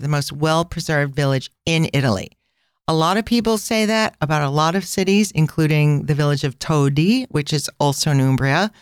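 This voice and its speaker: Chatty woman hosting a podcast, smooth voice. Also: low-pitched, dry recording, studio quality. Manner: chatty storytelling with tangents and asides. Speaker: podcast host. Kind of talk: casual travel podcast chat.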